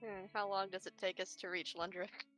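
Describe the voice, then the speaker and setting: A woman's voice: mid-range voice, level tone, normal speed, a bit bright, soft background music, rough recording. A woman playing a tabletop game who comments on the action in a dry, amused way. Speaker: player.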